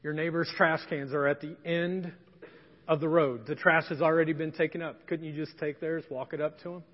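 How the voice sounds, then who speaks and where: High-voiced folksy male preacher. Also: flat delivery, a little fast. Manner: conversational, folksy, emphatic. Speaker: pastor. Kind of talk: sermon with storytelling. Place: church sanctuary. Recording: dull lo-fi sound with long hall reverb.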